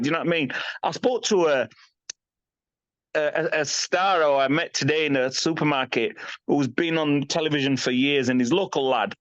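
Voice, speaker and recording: A man's voice: fairly high pitch, normal speed, a bit bright, no echo. Blunt, emphatic man in his fifties. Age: 50s. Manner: blunt, emphatic, swears freely; repeats "you know what I mean". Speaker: podcast guest, bodybuilder. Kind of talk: candid interview talk. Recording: slightly dull lo-fi sound.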